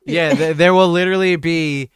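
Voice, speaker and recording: A young man hosts a loose, casual stream chat, swearing freely and trailing off between thoughts. His voice is smooth and resonant, and it sounds close and dry, with little room sound. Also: a little high, fairly even intonation, normal speed, no room sound. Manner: crude, rambling, trails off often. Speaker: streamer host.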